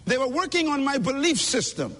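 A man's voice: very high-pitched, big pitch swings, brisk, pushed and bright. A man giving an emphatic, preacher-like motivational speech at a conference, speaking directly to the audience, recorded in a reverberant hall.

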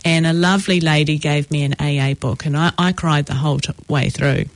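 A woman telling her own recovery story in a reflective, halting way with many pauses. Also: sits low, fairly even intonation, no echo. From New Zealand. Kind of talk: personal testimony.

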